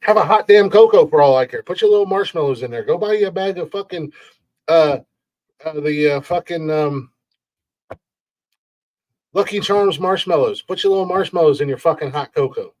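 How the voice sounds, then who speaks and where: A man's voice: fairly high pitch, normal speed, pauses often, darkish tone. A man hosting a podcast, ranting in a rambling, profane way and laughing at his own jokes. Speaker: podcast host.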